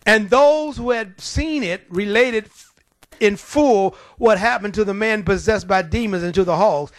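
Male preacher, high-pitched, dry close recording, animated storytelling sermon. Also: unhurried, no echo. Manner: animated storytelling with acted-out voices and laughs.

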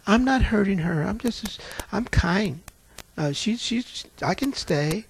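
A preacher voicing a deceptive demon that acts sweet and demure, speaking softly and in a higher voice than his own. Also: expressive, measured pace, creaky, slight background noise, heavily acted. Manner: soft and coaxing, then defiant and shouting.

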